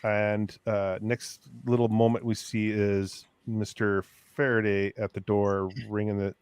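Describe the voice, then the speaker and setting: A man's voice: lowish voice, little pitch movement, unhurried, a little mellow, clean tone, dry recording. A man hosting a casual review chat, recapping scenes in a rambling way with many fillers. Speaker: podcast host.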